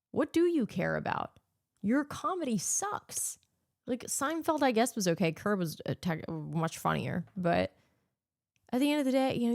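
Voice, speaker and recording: A woman's voice: mid-range voice, no echo, studio quality. A woman hosting her own podcast, ranting solo in a sarcastic, profane, opinionated way. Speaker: podcast host.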